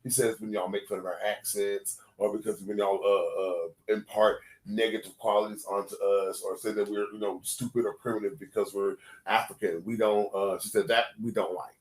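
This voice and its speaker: Man, low voice, podcast co-host, casual storytelling, laughs often. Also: flat delivery, moderate pace, few pauses, darkish tone, poor audio. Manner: storytelling, laughs between lines, drops low to quote others.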